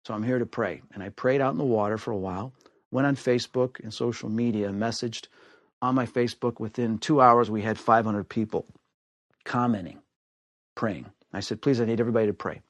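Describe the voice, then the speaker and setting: Male storyteller from the US, mid-pitched, acts out quoted voices with big swings in pitch; dry, close recording. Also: steady tone, brisk, dry recording. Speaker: storyteller guest. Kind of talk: animated personal storytelling.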